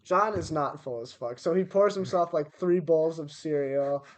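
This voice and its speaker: A man's voice: fairly high pitch, moderate pace. Young man chiming in, laughing. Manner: laughing, chiming in with short interjections. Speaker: podcast co-host. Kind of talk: casual chat.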